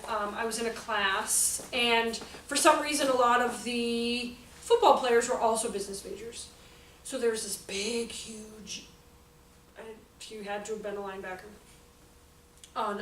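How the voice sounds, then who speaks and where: A woman in her forties gives a lively talk to an audience, joking and acting out what people said. Her voice sits high and comes from a distance in a large echoey hall. A faint noise is heard under her. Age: 40s. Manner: animated, jokey, acts out quotes. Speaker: speaker on child behavior.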